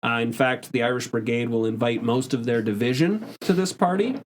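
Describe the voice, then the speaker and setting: A man on a history podcast reads period accounts aloud in a relaxed, conversational way. His voice sits at a middle pitch, and he trips over the odd word before carrying on with an easy laugh. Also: brisk, a little hiss or hum. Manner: reads old texts aloud, stumbles on words, laughs along. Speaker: podcast host presenting history. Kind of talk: casual chat, reading historical accounts aloud.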